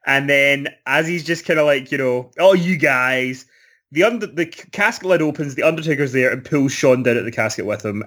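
A man co-hosting a casual chat show, recapping in a relaxed way with fillers. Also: mid-range voice. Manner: relaxed, recaps with fillers and little acted quotes. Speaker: podcast co-host.

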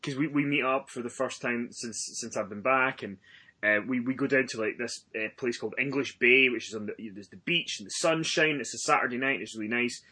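A young man on a casual podcast, co-hosting and telling profane stories with sudden loud outbursts. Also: mid-range voice, fairly quick, breathy edge. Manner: profane, animated storytelling with sudden shouted outbursts. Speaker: podcast co-host.

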